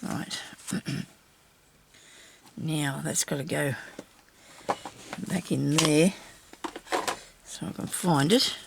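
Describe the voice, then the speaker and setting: A woman's voice: low voice, extremely slow, vocal fry, pauses often, background noise. An older woman hosting a craft video, chatting casually and rambling, talking to herself as she works at her craft table at home. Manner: rambling, talks to herself while working. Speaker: craft channel host.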